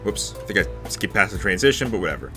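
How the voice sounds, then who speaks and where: A man's voice: on the low side, sing-song, fast talker, bright, forceful tone, soft background music. A young man reading a visual novel aloud as a let's play host, adding jokey, sarcastic asides.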